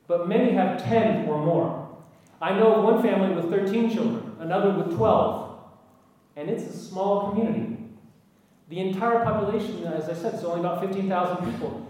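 High-voiced man talking in an echoey hall. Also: a little mellow, distant mic. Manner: earnest, with wry asides and emphatic lists. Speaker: speaker addressing an audience. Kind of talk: anecdotal public talk. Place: large echoey hall with an audience.

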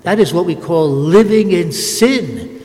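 A man's voice: sits high, lively intonation, measured pace, darkish tone, big-room sound. An older man, a Catholic priest, giving an emphatic sermon with repeated phrases and frequent restarts.

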